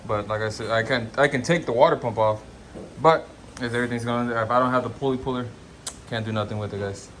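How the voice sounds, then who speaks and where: A man's voice: medium pitch, fast talker, fairly bright tone, slight background noise. Laid-back man vlogging in his garage. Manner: laid-back, rambling, repeats "gonna go ahead". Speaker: car build vlogger. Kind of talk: casual garage vlog.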